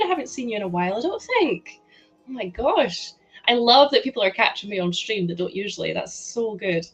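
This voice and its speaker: A bubbly woman with a Scottish accent chats casually to her livestream viewers, laughing often and greeting people with delight. Her voice sits at an ordinary middle pitch. Faint music plays quietly behind her. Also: lively intonation, normal speed, highs cut off. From Scotland. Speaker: livestream host. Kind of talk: casual livestream chat while building.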